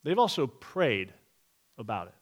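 A man's voice: mid-range voice, sing-song, unhurried. A man pastor preaching a sermon, earnest and direct, asking the congregation rhetorical questions and reading scripture aloud.

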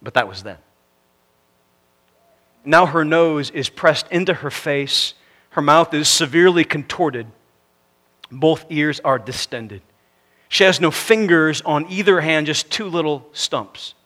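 A man's voice: a little high, slow, long pauses. Earnest preacher, a man with a raised voice. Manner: reads a story aloud, voice sinking to a hush at phrase ends; earnest, rising to emphatic preaching. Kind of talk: sermon.

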